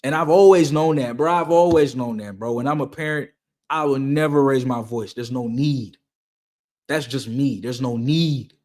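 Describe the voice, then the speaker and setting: A man's voice: mid-range voice, normal speed, darkish tone. A young man hosting a Q&A, talking casually and giving motivational advice, repeating his key points and using slang. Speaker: host answering viewer questions.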